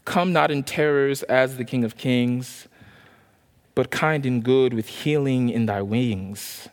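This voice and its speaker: Man preaching in a reverberant hall. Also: medium pitch. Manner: impassioned preaching, then soft slow prayer. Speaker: pastor. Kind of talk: sermon and closing prayer.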